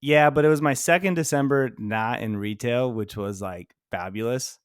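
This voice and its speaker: A man's voice: medium pitch, moderate pace, clear, resonant tone, no echo, clean studio sound. A man co-hosting a casual podcast, laid-back and easygoing. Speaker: podcast co-host.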